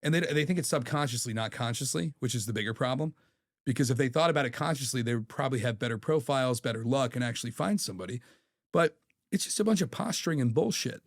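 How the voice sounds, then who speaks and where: A man's voice: mid-range voice, fast talker. A man in his thirties, a podcast guest telling stories in a candid, profane way. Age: 30s. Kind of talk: casual chat.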